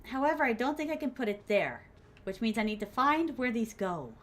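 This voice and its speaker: A young woman game streamer gives excitable live commentary, chatting with her viewers as she plays. Her voice sits high and swings widely in pitch. She keeps up a running patter of reactions to everything on screen. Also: fairly quick. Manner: excitable, talks to herself and chat while playing.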